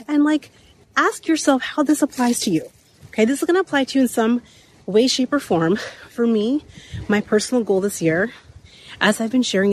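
A woman in her thirties hosting a motivational talk while walking uphill outdoors, a bit out of breath, her voice slightly raspy, repeating key points and laughing often. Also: on the high side, darkish tone, a little hiss or hum. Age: 30s. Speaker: podcast host.

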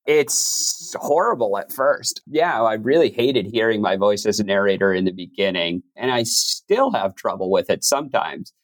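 A man's voice: on the low side, animated, moderate pace, few pauses, dry recording. A man talking casually and reflectively in an interview, with many "like"s. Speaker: podcast host and narrator. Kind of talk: interview conversation.

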